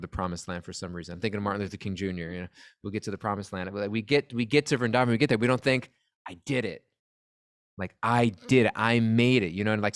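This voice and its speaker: Low-voiced reflective man. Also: no echo. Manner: reflective, searching for words, informal. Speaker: podcast co-host. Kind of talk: casual spiritual discussion.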